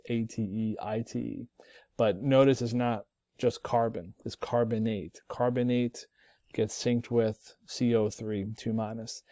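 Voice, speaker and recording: A relaxed man walks through a chemistry lesson, often pausing with ums and starting lines over. His voice is mellow and dark. It is recorded close up and dry, with no room sound. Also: medium pitch, no room sound. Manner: relaxed, thinking aloud with many ums and restarts. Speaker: chemistry teacher.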